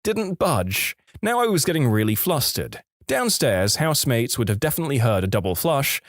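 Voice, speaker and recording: Lively male story narrator, dry sound. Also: mid-range voice, moderate pace, no echo. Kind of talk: reading a story aloud.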